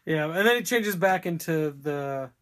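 A man's voice: on the high side, lively intonation, a little slow, a bit bright. A man co-hosting a casual podcast, rambling through a movie recap with laughs and crude jokes. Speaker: podcast co-host. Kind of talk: casual movie discussion chat.

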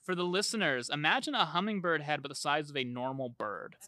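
A man's voice: a little high, brisk, crowd noise. A young man hosting a podcast, rambling in a laid-back way and laughing easily as he chats. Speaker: podcast host. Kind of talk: casual chat.

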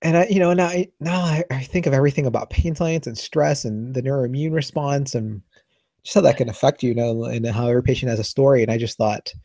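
A man, a physiotherapist, telling a patient story in casual conversation, halting and close to tears. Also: medium pitch, steady tone, dark tone, no room sound. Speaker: physiotherapist guest.

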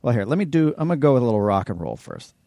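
A man's voice: medium pitch, wildly swooping pitch, racing, gravelly, warm tone, no room sound. A man co-hosting a podcast in casual chat, easygoing, retelling a family scene in dialogue. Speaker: podcast co-host.

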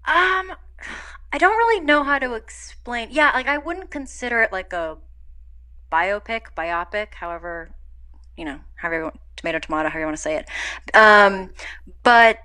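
Give me a young woman being interviewed about her acting work, chatting casually and animatedly. Her voice is bright and a little tense. She acts out quoted dialogue with big jumps in pitch. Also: a little fast. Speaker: actor guest.

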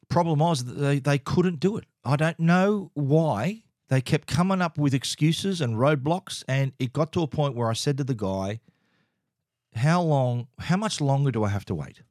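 A man's voice: medium pitch, lively intonation, normal speed, a little mellow, dry recording, clean studio sound. A middle-aged Australian man telling a story in a casual, exasperated and emphatic way, with frequent restarts.

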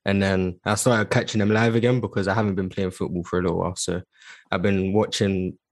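A man's voice: deep voice, little pitch movement, brisk, dry recording. A young man from the UK with a British accent, chatting casually as a guest on a podcast stream, easygoing with frequent fillers. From United Kingdom. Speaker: guest, show fan.

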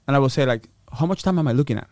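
A man's voice: medium pitch, very fast, dry recording. A man with a Spanish-influenced accent telling his story in casual talk, acting out the people he quotes and swearing freely. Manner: animated, acts out quotes, swears. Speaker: guest.

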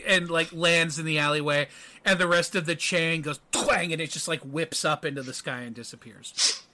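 Man, game master, tabletop narration, halting, fillers, bright tone. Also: fairly high pitch.

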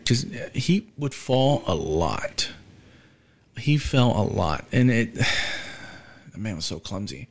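A young man hosting a podcast, talking casually and quietly, with many fillers and pauses, subdued by grief. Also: mid-range voice, lively intonation. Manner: soft, halting, with frequent fillers and trailing off. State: grieving, subdued. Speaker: podcast host. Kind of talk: casual solo podcast talk.

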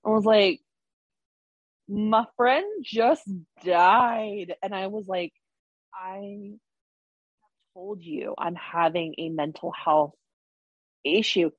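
A woman speaks candidly about her past, her words rambling and full of fillers. Her voice sits a little low and husky. The sound is dry and close, with a dull, lo-fi edge. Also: fairly even intonation, slow pace, long pauses, no room sound. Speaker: guest. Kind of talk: candid personal story.

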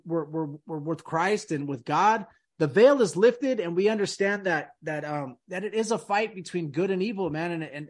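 A man hosting a casual podcast, rambling and emphatic, peppering his talk with dude and man. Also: sits high. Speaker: podcast host. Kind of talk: casual conspiracy podcast chat.

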